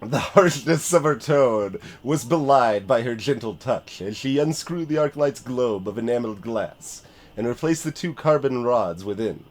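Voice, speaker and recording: A man's voice: mid-range voice, animated, normal speed. A man streaming a story game, reading its narration aloud and chatting in a self-deprecating way.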